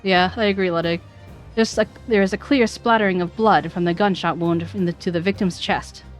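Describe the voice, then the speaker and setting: A woman's voice: on the low side, fairly even intonation, fairly quick, faint music behind. A woman streamer reading visual novel dialogue aloud, voicing the characters and stumbling over names.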